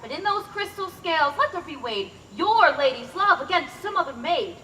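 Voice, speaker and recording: A woman's voice: extremely high pitch, expressive, moderate pace, big-room sound, full character voice. A woman playing a teasing young male friend in outdoor Shakespeare stage acting. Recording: loud outdoor noise.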